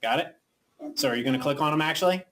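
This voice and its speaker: A woman's voice: low-pitched, fast, very noisy. A woman teacher giving patient, coaxing instructions to a class of children in a school classroom. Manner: patient, coaxing, frequent okay checks.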